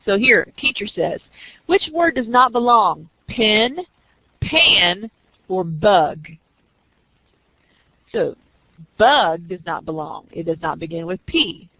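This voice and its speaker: A woman's voice: mid-range voice, animated, measured pace, creaky, fairly bright tone, husky, no room sound, rough recording. A woman teaching an online class, explaining reading skills step by step and acting out teacher and student examples. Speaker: teacher educator.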